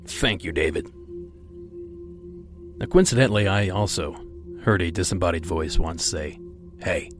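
Deep-voiced male podcast host. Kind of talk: reading out listener stories.

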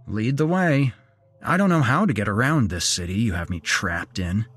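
A man's voice: on the low side, expressive, normal speed, fairly bright tone, slightly rough, dry recording. A man voicing a shaken young man who stammers and forces his words out, in a horror audio story. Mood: resigned. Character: shaken young man, first-person narrator hero.

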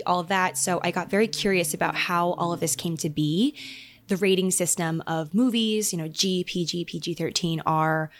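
A young woman hosts her own podcast in a relaxed, chatty way. Her voice sits a little low, and she laughs often, with plenty of fillers. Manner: chatty, giggly, many fillers. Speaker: podcast host. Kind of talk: casual chat.

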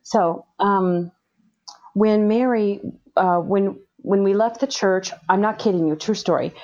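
A woman's voice: mid-range voice, unhurried, a little mellow. A middle-aged woman telling a personal story in conversation, earnest, with many restarts. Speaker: guest. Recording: slightly dull lo-fi sound.

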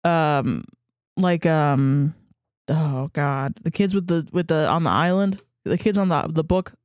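A woman's voice: low-pitched, a little slow, a little mellow, no echo, studio quality. A woman co-hosting a podcast in casual chat, laughing often and swearing freely. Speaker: podcast co-host.

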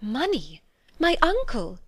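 A woman reading a classic novel aloud, voicing a gentle, kind-hearted young woman who speaks softly and earnestly. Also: on the high side, animated, a little fast, dry recording, clean studio sound, voice pushed up, lightly acted. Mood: hopeful, earnest.

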